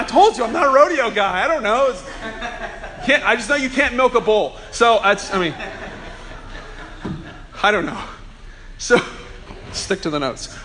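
A man preaching a Sunday sermon, telling humorous, chatty stories and slowing down to press points home. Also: high-pitched, sharp tone, slight background noise. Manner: earnest preaching with slow emphasis. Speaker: pastor.

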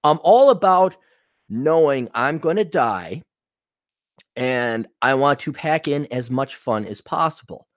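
A man's voice: mid-range voice, takes it slowly, no echo, studio quality. A man hosting a podcast, ranting in a casual, comedic way and swearing often as he tells stories. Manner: profane, animated storytelling with quoted voices. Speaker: podcast host.

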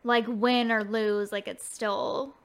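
Relaxed young woman, filler-heavy chat. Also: fairly high pitch, slow pace, smooth. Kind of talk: casual chat about video games.

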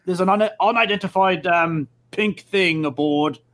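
High, bright-voiced male player. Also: normal speed. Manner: animated, in-character chatter. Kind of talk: playing a tabletop game.

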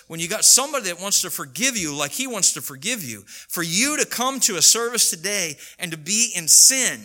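A man's voice: high voice, bright, forceful tone. A man preaching a sermon in an earnest, rising and falling delivery, now and then acting out the voices of people he quotes. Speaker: pastor.

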